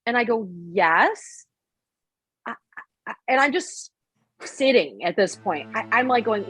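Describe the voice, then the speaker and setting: A woman hosting a casual conversation, telling stories in an animated way and laughing often. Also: fairly high pitch, a little slow, long pauses, faint music behind. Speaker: host.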